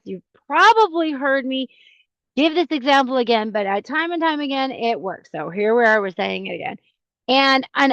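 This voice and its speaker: A woman, a podcast host, talking casually in a chatty, animated way with many fillers and restarts. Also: on the high side, no room sound. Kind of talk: casual monologue. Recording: dull lo-fi sound.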